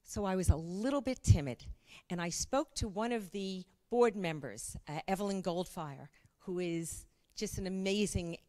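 An older woman, a cookbook author, telling a lively anecdote at an event and acting out the dialogue. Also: mid-range voice, normal speed. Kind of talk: storytelling talk at an event.

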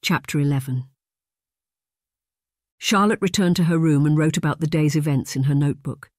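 Man narrating an audiobook, measured. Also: fairly high pitch, dry recording, studio quality. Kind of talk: scripted narration.

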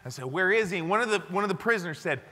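A man, a former army interrogator, telling a story to an audience, dropping low and quiet for the quoted lines. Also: lively intonation, very fast. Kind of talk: storytelling lecture. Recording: long hall reverb.

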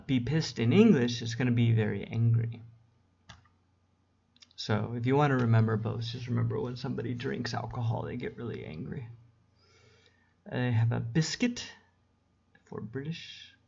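A man teaching English in a relaxed, unhurried way at his computer, with fillers as he goes. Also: medium pitch, gravelly, breathy edge. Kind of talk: casual screen-recorded lesson. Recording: dull lo-fi home recording.

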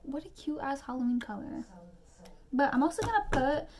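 A woman's voice: sits high, expressive, a little mellow. Chatty young woman ranting while doing makeup. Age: young adult. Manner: chatty, rambling, quick asides and mock-outraged rants. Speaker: beauty vlogger. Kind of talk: chatty makeup tutorial rant.

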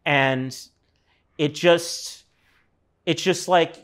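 Rambling man in his thirties, slightly high. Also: fairly even intonation, extremely slow, fairly bright tone. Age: 30s. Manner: loose, rambling, many fillers and swearing. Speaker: artist guest. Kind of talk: casual storytelling conversation.

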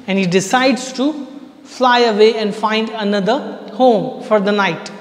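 A man's voice: sits high, unhurried. A man with an Indian English accent, teaching an online class: he reads a story passage aloud, then retells it in simple words. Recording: echoey room with long reverb.

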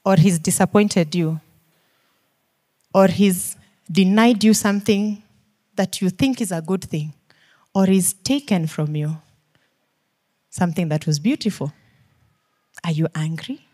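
Her medium-pitched voice has a dark tone, and she preaches unhurriedly with long pauses. The Kenyan-accented woman pleads with her listeners, asks question after question, and goes from almost whispering to pressing hard with emphasis.

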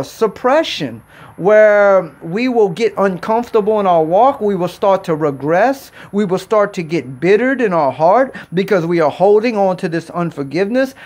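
A man preaching a sermon in an earnest, exhorting way, repeating phrases and restarting sentences as he goes. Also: high-pitched.

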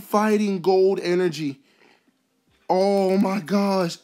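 Slow-talking, excitable pack-opening host. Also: medium pitch, soft background music. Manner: excitable, bursts into exclamations; rambling, filler-heavy musing. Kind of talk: casual pack-opening commentary.

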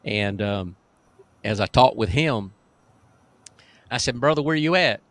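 A man's voice: mid-range voice, animated, a little slow, fairly bright tone. A male pastor telling deliverance stories in a folksy, emphatic preaching manner, chuckling now and then.

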